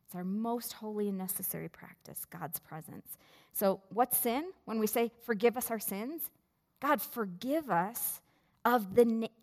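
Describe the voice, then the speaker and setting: A woman pastor preaching a sermon in a slow, measured way with deliberate pauses. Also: medium pitch, a little mellow. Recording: long reverb of a large hall.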